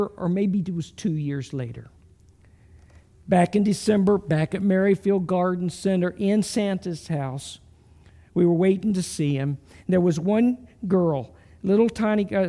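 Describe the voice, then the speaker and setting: A middle-aged man preaching a sermon, telling a story slowly and earnestly with soft pauses before leading a prayer. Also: sits high. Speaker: pastor.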